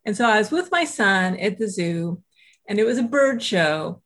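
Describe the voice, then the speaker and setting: A woman who writes and teaches self-compassion, telling a personal story in a casual interview, animated and full of "you know" asides. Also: medium pitch, moderate pace. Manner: animated, acts out quoted voices, frequent "you know" asides.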